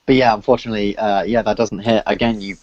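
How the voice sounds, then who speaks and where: Low-ish guy dming a tabletop game, lots of uhs, dull muffled audio. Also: steady tone, darkish tone, dry recording. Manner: halting, many filler sounds while describing. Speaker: dungeon master.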